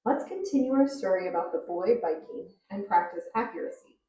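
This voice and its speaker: A woman teacher explaining reading fluency in a clear, measured way and reading a story aloud to show it. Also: mid-range voice, lively intonation, warm tone. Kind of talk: reading instruction with read-aloud demos. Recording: roomy, distant recording.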